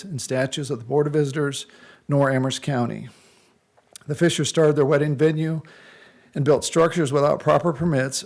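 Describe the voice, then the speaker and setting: A man's voice: mid-range voice, gravelly, a little mellow. A man giving an indignant, complaining public comment at a county board meeting. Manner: indignant, complaining, reading a prepared statement. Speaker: resident speaking at public comment.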